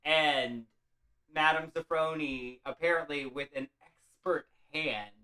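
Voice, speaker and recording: A man's voice: on the high side, takes it slowly, bright, forceful tone, low-quality recording. A man casually retelling a classic story as comedy, rambling, offhand and profane. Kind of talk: loose comic retelling of a classic.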